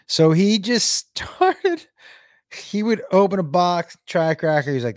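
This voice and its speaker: A man's voice: on the high side, sing-song, a little fast, a little mellow, no room sound, clean studio sound. A man telling a rambling, profane comedy story on a livestream, often laughing and greeting viewers by name. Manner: rambling, profane, reads chat names aloud.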